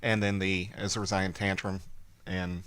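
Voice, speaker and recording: A man with a lowish, bright voice co-hosts a relaxed podcast. He tells long stories, slipping into quoted lines and laughing along the way. Easygoing, chatty delivery. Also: measured pace, clean tone. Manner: storytelling with acted quotes and laughter. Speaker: podcast co-host. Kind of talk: casual chat.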